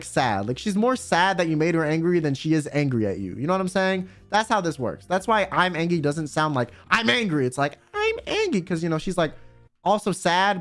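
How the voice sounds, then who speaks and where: Young male streamer, high and expressive, comedic and profane, light background music. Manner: animated, profane, joking. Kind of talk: casual comedic commentary.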